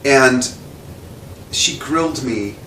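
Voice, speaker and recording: Male interview guest, mid-pitched, animated storyteller who acts out his quotes; roomy echo, off-mic, faint hiss. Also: very slow, distant mic. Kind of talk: casual anecdote telling. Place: indoor room with a window.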